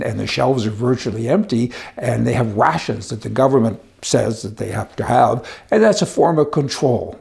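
A man's voice: mid-range voice, gravelly, dark tone. A man delivering a rambling, indignant opinion monologue with a sarcastic edge. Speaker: commentator.

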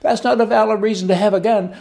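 A man's voice: sits high, steady tone, fast, creaky, darkish tone. An older man giving rambling, folksy political commentary as host, with chuckling asides.

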